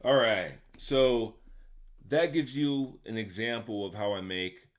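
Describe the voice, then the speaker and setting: Over music, a man with a somewhat low voice slowly walks through the making of a beat, sounding like a home-studio producer voicing his own tutorial. He goes step by step in a conversational way, uses a few fillers, and keeps asking the listener "right?".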